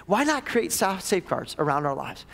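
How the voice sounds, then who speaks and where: High-voiced pastor preaching dramatically. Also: male voice, big pitch swings, moderate pace, gravelly. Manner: dramatic, swings from hushed to loud. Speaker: lead pastor. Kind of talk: sermon. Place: church auditorium. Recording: echoey church hall.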